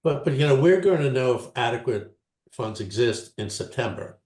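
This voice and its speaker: A man's voice: medium pitch, animated, normal speed, darkish tone, echoey room. A man on a town committee, speaking hesitantly and thinking aloud in a meeting discussion. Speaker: committee member.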